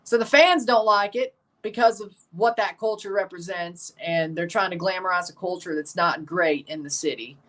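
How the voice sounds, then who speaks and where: A man hosting a casual livestream, rambling, chatting with viewers and turning loud and emphatic when he passes judgment. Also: sits high, moderate pace, few pauses, far from the mic. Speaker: livestream host ranking soccer kits.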